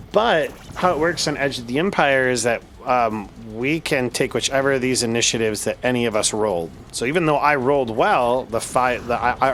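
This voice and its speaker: A man's voice: mid-range voice, a bit bright. Player, man, easygoing rules talk, faint background hiss. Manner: chatty, laughs often, explains rules. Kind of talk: casual tabletop game chat.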